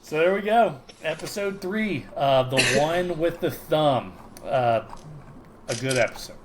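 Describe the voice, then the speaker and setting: A man's voice: fairly high pitch, expressive, unhurried, background noise. A man co-hosting a casual podcast chat who rambles and restarts his sentences, recorded over a video call. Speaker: podcast co-host.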